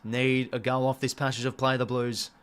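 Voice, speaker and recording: A young Australian man hosting a live watch-along, calling the match casually with excitable bursts and the odd mild swear word. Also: medium pitch, moderate pace, clean tone.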